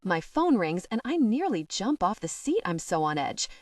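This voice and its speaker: Lively woman narrating an audiobook. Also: mid-range voice, moderate pace, no room sound, distant mic. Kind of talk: first-person novel narration.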